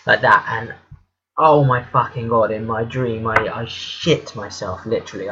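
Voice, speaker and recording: A man's voice: mid-range voice, normal speed, fairly bright tone, highs cut off. A man telling a story in a casual, rambling way, hesitant and full of fillers and swearing. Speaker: vlogger.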